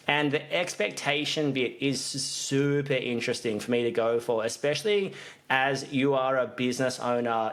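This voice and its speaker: A mid-pitched man talks business on a podcast. He rambles in casual chat, doubling back and restarting his sentences as his thoughts run on. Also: fairly bright tone. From Australia. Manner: rambling, with frequent restarts and fillers. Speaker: podcast co-host, business coach.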